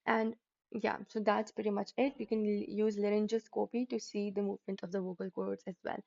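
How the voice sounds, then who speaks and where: A woman talking through an anatomy lesson in a mellow, warm voice, with a dry, slightly muffled sound. She explains step by step, pauses with "uh" and "right?", and fixes her own slips as she goes. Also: medium pitch, flat delivery, creaky, no echo. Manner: explanatory, asks quiz questions, frequent fillers and self-corrections. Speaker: medical anatomy teacher. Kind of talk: lecture-style tutorial.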